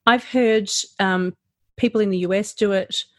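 A woman's voice: normal speed, no room sound. Woman, dry close podcast voice. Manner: animated, rising and falling pitch, lots of fillers. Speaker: practitioner educator. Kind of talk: podcast conversation.

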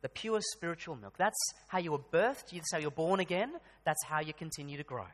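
A man's voice: fairly high pitch, fairly quick, fairly bright tone. Male pastor, casual preaching style with emphatic peaks, church-hall reverb. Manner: conversational preaching with rising emphatic bursts. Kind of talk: sermon.

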